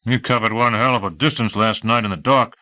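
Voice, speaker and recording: A man's voice: lowish voice, fairly even intonation, brisk, pushed and bright, no room sound. A man voicing a deputy who is out of breath and curt. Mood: breathless.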